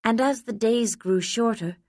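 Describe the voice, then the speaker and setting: A woman narrating a first-person story in a measured, elegant storytelling manner. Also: a little high, darkish tone, no echo, studio quality. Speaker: audiobook narrator.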